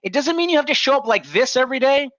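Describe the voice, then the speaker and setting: A man giving an energetic motivational talk to leaders, coaching the audience through exercises. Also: very high-pitched, fast, dry recording, muffled recording. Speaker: leadership speaker.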